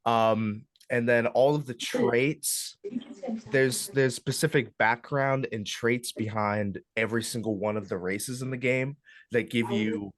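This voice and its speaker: A young man leading a club workshop in a casual, relaxed way, hesitating often with ums and uhs as he walks a group through game character options. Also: medium pitch, a little slow, dry recording. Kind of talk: casual classroom walkthrough. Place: classroom.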